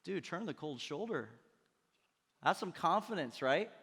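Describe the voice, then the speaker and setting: A male pastor preaches with an energetic, chatty delivery and tosses playful asides to the congregation. His voice sits notably high for a man, and a long reverb trails behind it in the church hall. The style is a lively, casual sermon. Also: measured pace, husky. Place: church auditorium.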